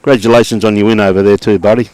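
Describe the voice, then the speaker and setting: A middle-aged Australian man doing relaxed live commentary on lawn bowls, chatting and greeting viewers by name. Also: lowish voice, racing, no echo.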